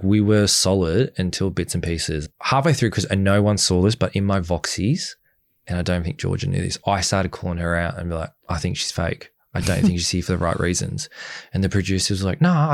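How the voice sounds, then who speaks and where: A man's voice: low-pitched, creaky, no room sound. A young man in a candid interview, speaking bluntly and acting out the things people said to him. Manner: blunt and animated, acting out quoted dialogue. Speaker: interview guest.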